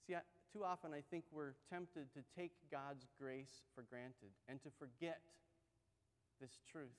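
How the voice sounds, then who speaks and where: Male pastor, high tenor, animated conversational sermon, long hall reverb. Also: a little slow. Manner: conversational, animated storytelling with acted-out quotes.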